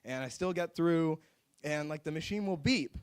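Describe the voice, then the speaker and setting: A man's voice: on the high side, normal speed, smooth. A young man doing open mic stand-up comedy on a club stage, rambling and self-mocking, with lots of "like.". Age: young adult. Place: live music club stage.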